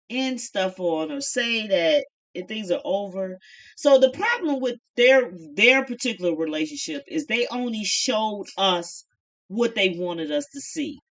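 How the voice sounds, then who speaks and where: A woman's voice: on the high side, fairly bright tone. A middle-aged woman casually chatting through a reality show review in a folksy, opinionated way.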